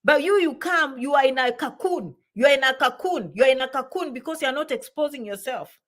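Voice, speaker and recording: A woman's voice: sits high, a little fast. A woman giving motivational immigration advice, emphatic and repeating phrases for stress, sometimes mixing in Swahili words.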